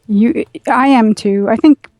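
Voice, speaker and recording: A woman playing along on a livestream, chatting casually in a low-key way with short replies that trail off. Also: unhurried, a little mellow, no room sound. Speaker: co-player. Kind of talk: casual gameplay chat.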